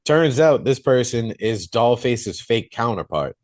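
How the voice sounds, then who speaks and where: A man's voice: medium pitch, measured pace. Man swearing casually while retelling a film. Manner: animated storytelling, swears freely. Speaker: podcast co-host reviewing a film. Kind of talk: casual chat, retelling a movie plot.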